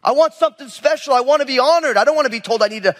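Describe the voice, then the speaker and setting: Male pastor, high-pitched, animated storytelling sermon, reverberant hall sound. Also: racing. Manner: animated, acts out biblical figures in casual voices.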